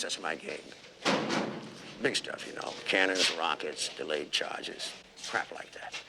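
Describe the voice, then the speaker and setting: An actor playing a boastful middle-aged crook who spins profane war stories, with a loud crowd around him. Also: male voice, sits low, very noisy. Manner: bragging, profane storytelling. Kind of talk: 1970s film acting.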